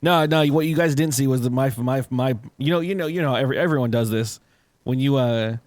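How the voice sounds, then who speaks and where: A man's voice: mid-range voice, brisk, a little mellow, no room sound. A man co-hosting a podcast, telling a self-mocking story with frequent laughs. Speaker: podcast co-host. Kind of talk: casual chat.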